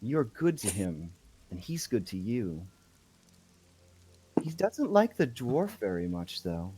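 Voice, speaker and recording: A man voicing an eerie young woman who talks in soft, cryptic, dreamy lines. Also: on the low side, sing-song, slow.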